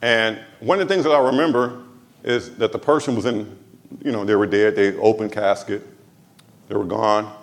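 A man's voice: on the low side, normal speed. A man from Los Angeles preaching a sermon in church, talking conversationally with humor and asides to the congregation. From Los Angeles, USA. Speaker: pastor.

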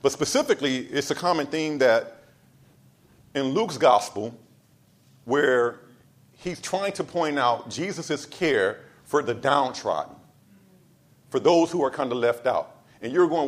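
A pastor delivering a sermon, driving points home with repeated lines and swinging between loud emphasis and soft asides. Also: male voice, mid-range voice, expressive, a little slow, long pauses. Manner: casual storytelling asides.

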